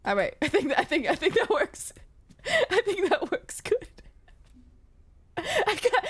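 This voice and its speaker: A woman's voice: very high voice, expressive, unhurried. A woman streamer giving live gaming commentary, jumpy, yelping and repeating herself when scared.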